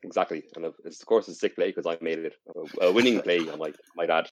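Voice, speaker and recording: A man whose voice sits low talks fast, and the recording has its highs cut off. As host of a casual podcast chat, he tells rambling stories packed with fillers and restarts.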